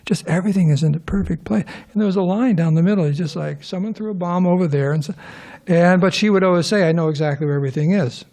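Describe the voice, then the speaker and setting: A man's voice: high-pitched, fast talker, creaky, a little mellow. Middle-aged man giving a rambling talk. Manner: rambling, with frequent restarts and questions to the audience. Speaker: scripture class speaker. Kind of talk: informal scripture class talk. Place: temple hall before a live audience.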